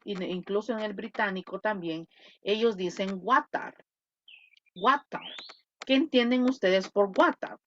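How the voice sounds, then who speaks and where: Woman teacher on a video call, animated and higher-pitched, keeps checking "okay?", faint noise behind. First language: Spanish. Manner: switches between English and Spanish, repeats points, asks "okay?". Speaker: English teacher. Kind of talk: online class lecture. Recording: dull lo-fi audio.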